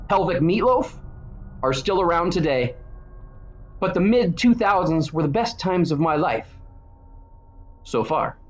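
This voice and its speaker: A man's voice: fairly high pitch, slight background noise. A man in his forties with a wry, irreverent manner, delivering a scripted monologue as a video host. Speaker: church founder and video host.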